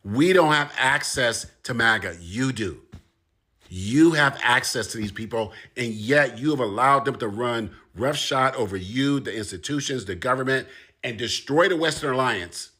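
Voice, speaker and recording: A man's voice: medium pitch, animated, normal speed, breathy edge. A man speaking straight to his audience in an impassioned monologue, pressing his points with repetition and rising emphasis. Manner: forceful, rising and repeating for emphasis. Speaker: commentator. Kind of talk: impassioned direct-to-camera monologue.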